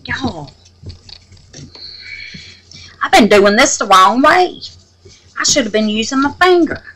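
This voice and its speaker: A woman's voice: on the high side, sing-song, normal speed, a bit bright, slight background noise, poor audio. A woman hosting a casual crafting tutorial, chatting away, exclaiming to the Lord and muttering half-whispered asides to herself. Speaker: resin craft channel host.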